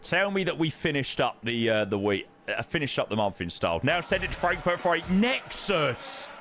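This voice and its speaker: A man's voice: mid-range voice, big pitch swings, fairly quick, a bit bright. A young man hosting a flight simulator live stream, effusively thanking viewers by name in casual chat.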